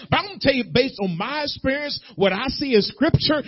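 A man preaching a sermon as pastor. He builds repeated phrases up to loud peaks and then drops to low, quiet asides. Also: animated, brisk, hardly any pauses. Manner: preaching with rising emphatic repetition, dropping to low intimate asides. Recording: muffled lo-fi sermon recording.

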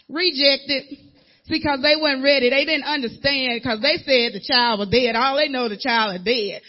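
A woman's voice: sits high, moderate pace. A woman minister delivers a sermon with emphatic repetition, hammering single words home and acting out the people she talks about in loose, casual speech. The recording sounds dull and lo-fi. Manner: emphatic, repetitive, acts out voices in casual dialect.

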